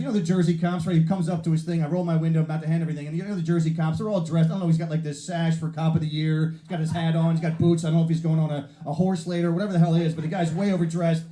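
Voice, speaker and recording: A man's voice: on the high side, warm tone. A man doing a brash, profane stand-up routine on stage, acting out the people in his stories. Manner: brash, profane storytelling with acted-out voices. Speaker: stand-up comedian. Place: theater stage before a live audience. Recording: roomy live venue sound.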